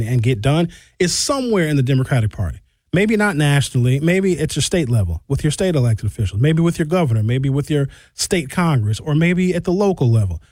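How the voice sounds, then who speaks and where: Talk radio host, dry studio voice. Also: male voice, mid-range voice, darkish tone, no echo. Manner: conversational, reads listener texts and answers them directly. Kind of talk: call-in radio talk show. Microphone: studio microphone.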